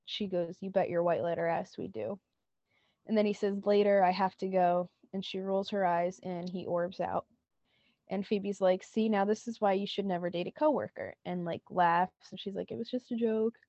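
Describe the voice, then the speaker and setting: A woman's voice: medium pitch, fairly even intonation, normal speed, dark tone, no room sound, dull audio. A woman co-hosting a podcast, retelling a TV scene in casual chat and quoting lines with lots of "like". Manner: retells scenes with many "like" quotes. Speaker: podcast co-host.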